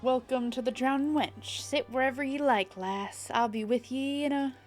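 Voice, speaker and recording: A woman voicing a gruff male tavern keeper in a put-on southern pirate accent, drawling and rolling her R's as she reads. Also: high voice, moderate pace, faint music behind, voice pushed up, lightly acted. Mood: gruff welcoming. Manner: drawling, rolled R's, reading aloud.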